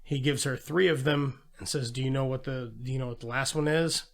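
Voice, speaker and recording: A man's voice: mid-range voice, fairly quick. A man co-hosting a casual movie podcast, retelling scenes with lots of swearing and acting out the characters' lines. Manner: animated retelling with acted-out quotes and swearing. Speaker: podcast co-host. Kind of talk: casual movie review chat.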